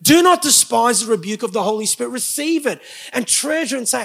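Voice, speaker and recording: Animated preaching man with gravelly voice. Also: very high voice, quick pace. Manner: animated, preaching with rising emphatic bursts and asides to the congregation. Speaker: pastor. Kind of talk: sermon.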